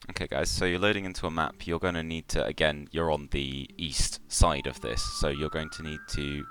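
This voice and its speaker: Man, game master, extremely deep voice, halting meandering narration, tabletop game. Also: fairly even intonation, a bit bright, a little hiss or hum.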